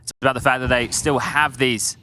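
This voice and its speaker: Man, esports commentary, measured, explanatory, gunfire in background. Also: mid-range voice, steady tone, sharp tone. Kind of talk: analytical commentary. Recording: game noise behind. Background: gunfire and game sounds.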